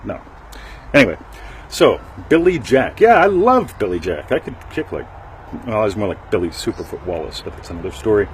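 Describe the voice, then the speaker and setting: A middle-aged man with a fairly low voice rambles through a casual talk show, joking and checking in with his listeners. Faint street noise and passing traffic sit in the background. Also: sing-song, a little fast. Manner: rambling, joking, with frequent "right?" asides. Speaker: podcast host.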